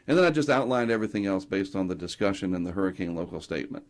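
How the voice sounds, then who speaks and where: A middle-aged man from North Carolina with a fairly low voice, spinning casual anecdotes as an interview guest. He slips into the voices of the people in his stories as he tells them. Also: fast, hardly any pauses. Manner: animated anecdotes, acting out quotes. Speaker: guest, hurricane tracker.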